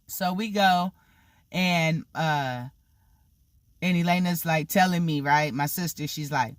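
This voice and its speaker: An adult vlogger casually recounts a childhood story in a mid-range voice, speaking slowly with long pauses. The recording has no room sound, and the telling rambles, full of "like" and "you know," with occasional laughter.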